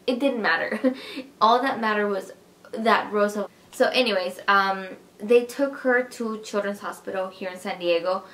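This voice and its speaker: A woman's voice: medium pitch, vocal fry, fairly bright tone. A young woman vlogger telling a personal story to her viewers in a chatty, emotional way, talking to them directly. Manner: chatty and emotional, addresses viewers as "you guys". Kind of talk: casual personal storytelling to camera.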